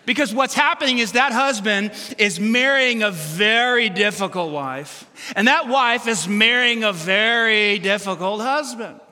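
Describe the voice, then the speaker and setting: A man preaching a sermon as pastor, animated and humorous, acting out quotes from everyday life. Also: high-pitched, a little slow, few pauses, long reverb tail.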